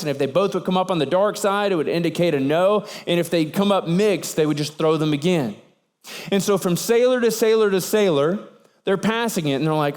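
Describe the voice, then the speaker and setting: High-voiced pastor in a reverberant hall. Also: male voice. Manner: animated storytelling, acts out sailors' voices. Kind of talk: sermon.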